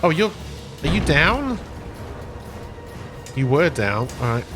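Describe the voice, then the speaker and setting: A man streaming a game live, quickly ordering his crew around and reading the game's text aloud. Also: on the high side, sing-song, over music. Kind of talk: live gameplay commentary.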